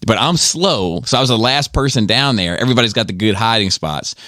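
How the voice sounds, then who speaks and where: A low-voiced man spins a long, rambling, profane story, full of "like" and "um". The sound is dry and close, with no room in it. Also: animated, a little fast, pushed and bright, no room sound. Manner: rambling, profane, many fillers. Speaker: podcast host. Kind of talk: casual storytelling.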